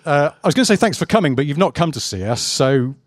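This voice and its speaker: A man's voice: a little high, sing-song, fast, no room sound. A man co-hosting a live podcast on a festival stage, bantering with dry, self-deprecating humour in front of an audience. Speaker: podcast co-host.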